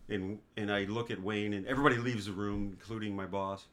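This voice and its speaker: Fifties man, somewhat low pitch, chatty guest spinning long anecdotes. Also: fairly even intonation, fast talker, fairly bright tone. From East Coast of the United States. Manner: leisurely anecdotal storyteller who acts out others' lines. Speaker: guest, father of the host. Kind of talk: casual storytelling chat.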